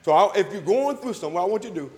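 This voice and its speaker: A man preaching, his voice pitched very high for a man and ringing with the long echo of a church hall. He calls out to the congregation, repeats his lines and climbs to loud emphatic peaks. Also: lively intonation, very fast. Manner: call-and-response, repeats phrases, rises to loud emphatic peaks. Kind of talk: sermon with invitation call.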